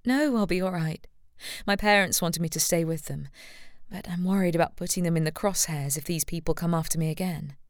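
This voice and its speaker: A woman narrator voicing a practical young woman who is upset and tired, her voice lifted higher than her narration and often softened to a hush. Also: brisk, no echo, studio quality, lightly acted. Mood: weary, soft. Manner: raised pitch, emotional, soft and hushed at times. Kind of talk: audiobook character reading.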